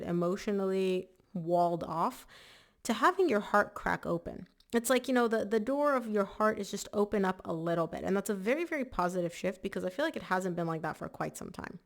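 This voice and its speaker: A woman giving a casual monthly tarot reading in a chatty, emphatic way, slightly hoarse and clearing her throat. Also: mid-range voice. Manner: chatty, emphatic, repeats words for stress. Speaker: tarot reader.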